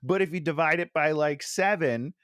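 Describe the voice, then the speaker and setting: A man co-hosting a podcast, chatting about a movie in a jokey, animated way and laughing often. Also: fairly high pitch, normal speed, no echo, studio quality. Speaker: podcast co-host. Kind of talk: casual comedic movie chat.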